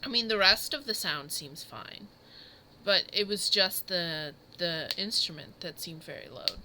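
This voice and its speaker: A woman's voice: fairly low pitch, measured pace, bright, forceful tone, slight background noise, poor audio. A woman streaming a game live, chatting and exclaiming to her viewers.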